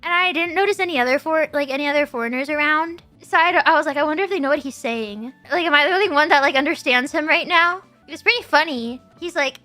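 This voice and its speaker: Young woman, high voice, lively pitch, giggly casual chat. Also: fairly quick, soft background music. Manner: bubbly, rambling, giggly. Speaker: streamer.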